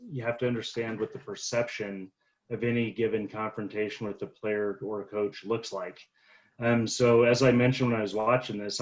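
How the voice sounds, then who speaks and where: A man on a panel who teaches officials, talking in a thoughtful, hedging way over a video call. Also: medium pitch. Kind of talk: casual panel discussion. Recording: dull lo-fi call audio.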